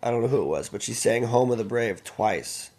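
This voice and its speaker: A man as a podcast guest in casual chat, laughing through excitable stories. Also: mid-range voice, a little fast, slight background noise.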